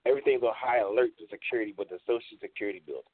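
A man co-hosting a casual online radio talk show, telling a rambling story and breaking into high laughs. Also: very fast, husky, no room sound. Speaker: co-host. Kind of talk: casual panel chat. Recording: tinny phone-like online call.

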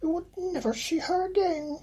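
A man voicing a wicked old female enchantress in a shrill, mocking falsetto for a bedtime story reading. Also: steady tone, moderate pace, a little mellow, low-quality recording.

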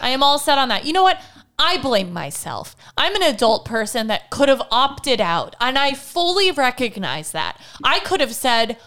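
A woman in her thirties tells a story in an animated, sarcastic rant, swearing freely and mimicking people with mock quotes. Her voice is high and bright. She sounds like a podcast host in casual chat. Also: normal speed. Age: 30s.

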